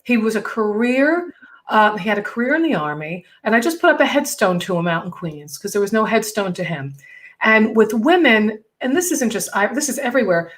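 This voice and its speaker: A middle-aged woman comedian hosting a casual chat show, talking in a chatty, animated, self-mocking way. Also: medium pitch, brisk. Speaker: podcast host and comedian.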